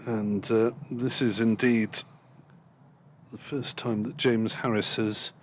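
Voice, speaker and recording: A man's voice: on the low side, level tone, slow, slight background noise. A man co-commentating live cricket, chatting drily and offering statistics from a commentary box.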